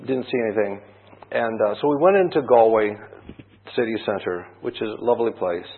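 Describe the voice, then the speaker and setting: Man, preacher, husky voice, conversational sermon, rhetorical questions, tinny phone-like sound. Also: fairly low pitch, a little fast. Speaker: pastor.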